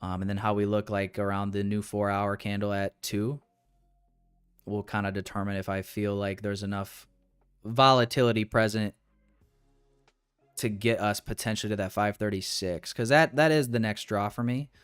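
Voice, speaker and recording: A young man with a lowish, smooth voice talks his viewers through a live trading session at his desk mic. He rambles, restarts, and lets frustration show, calling the audience "boys." Faint music plays in the background. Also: steady tone, normal speed. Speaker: day trader streaming live. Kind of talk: casual live-stream commentary.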